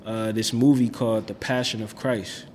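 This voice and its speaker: A man's voice: lowish voice, little pitch movement, moderate pace, a little mellow, in a large hall, a little hiss or hum. A young man telling his faith story in a casual, slangy way, full of "like" and "bro". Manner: slangy, laid-back, lots of "like" and "bro".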